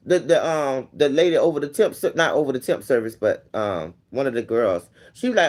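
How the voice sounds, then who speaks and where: A man sits with a friend and tells a story in a loose, profane way, acting out every line people said to him. His voice sits fairly high and jumps up and down in pitch all the time. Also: moderate pace. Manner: animated, profane, acts out quoted dialogue. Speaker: vlog host.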